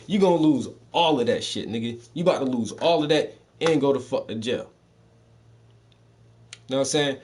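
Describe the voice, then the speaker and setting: A laid-back man with a medium-pitched, slightly mellow voice uses lively intonation, speaks at normal speed, and pauses often. Hailing from the Southern United States with a mixed Southern and Northern US accent, he's a podcast host telling casual stories in loose, profane street slang with frequent laughs.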